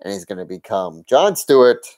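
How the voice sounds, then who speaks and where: A man's voice: lowish voice, very animated, moderate pace, crowd noise. A man co-hosting a casual TV recap show, riffing on playful what-if jokes. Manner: joking, spinning playful what-if bits. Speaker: co-host.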